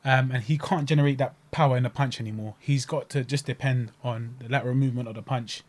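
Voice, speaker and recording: A man's voice: medium pitch, fairly even intonation, fast talker. A young English man with an English accent, co-hosting a casual sports podcast and rambling with repeated words and "innit". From England. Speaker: podcast co-host.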